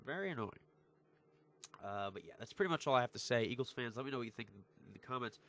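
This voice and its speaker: A teenage guy rants through a football recap, frustrated and emphatic. He repeats himself for emphasis and swears freely, at an ordinary middle pitch. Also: racing, a bit bright. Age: teens. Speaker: vlogger, sports fan. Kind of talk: heated sports recap rant.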